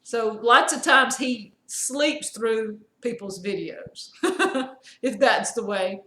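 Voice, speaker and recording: A woman's voice: on the high side, takes it slowly, pushed and bright, roomy sound. A woman hosting a live homestead stream, chatty and laughing often. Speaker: homestead channel host.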